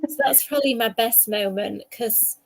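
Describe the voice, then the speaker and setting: A woman's voice: fairly high pitch, normal speed, gravelly. A woman, chatting casually and telling rambling stories with lots of fillers. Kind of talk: casual chat about fan conventions.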